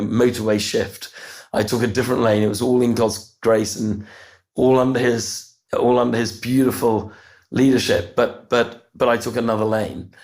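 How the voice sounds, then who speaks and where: A middle-aged man, telling a personal story as a podcast guest, earnest and halting, often restarting and repeating words. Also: medium pitch. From United Kingdom. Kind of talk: reflective storytelling interview.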